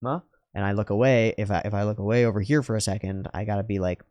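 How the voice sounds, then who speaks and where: A man rambling through a profane, philosophical monologue at home while high on drugs. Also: fairly even intonation, quick pace, darkish tone, dry recording, clean studio sound. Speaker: YouTuber.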